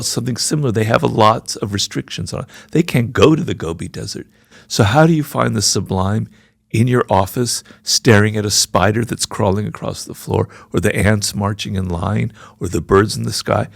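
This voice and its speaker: Gravelly low-voiced man in his sixties. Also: no room sound, studio quality. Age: 60s. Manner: frank and reflective. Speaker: podcast guest, author. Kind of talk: candid conversational interview.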